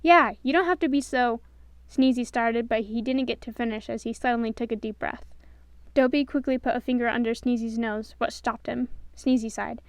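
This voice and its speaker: Give me a woman with a slightly high voice reading a storybook aloud. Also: brisk, clear, resonant tone, no echo. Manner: expressive, does all voices. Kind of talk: storybook narration.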